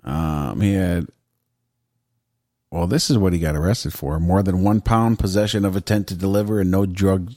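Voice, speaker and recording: A man with a somewhat low voice banters loosely on a podcast, swearing and laughing as he riffs. The sound is dry and close, with no room echo. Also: fairly even intonation, moderate pace, mellow. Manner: joking, profane, laughs often. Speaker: podcast co-host.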